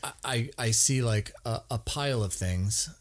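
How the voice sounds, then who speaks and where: A man's voice: medium pitch, moderate pace. A middle-aged man co-hosting a podcast, chatting casually with his partner in a rambling, self-deprecating way, often repeating his words. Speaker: podcast co-host.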